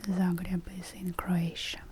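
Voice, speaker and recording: A woman, teaching the alphabet in a soft whispered role-play, spelling letters slowly and deliberately. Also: fairly low pitch, completely flat delivery, slight background noise. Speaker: language teacher.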